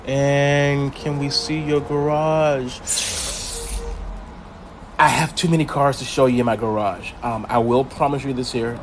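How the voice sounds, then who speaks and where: A man's voice: medium pitch, noisy background. An older man casually commenting while he streams a mobile racing game, rambling with lots of ums and restarts. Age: older adult.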